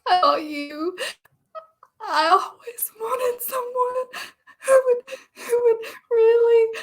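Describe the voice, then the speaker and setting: A woman's voice: high voice, fairly bright tone. A woman voicing a lonely, nervous married woman in a live play reading, talking in giggly, hesitant stops and starts. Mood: tearful. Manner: giggly, hesitant, halting restarts.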